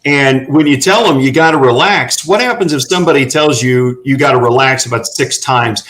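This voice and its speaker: Man, middle-aged, earnest, folksy storyteller, ordinary pitch. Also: normal speed, fairly bright tone, poor audio. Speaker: guest running horse therapy for veterans. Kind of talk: storytelling in a panel talk.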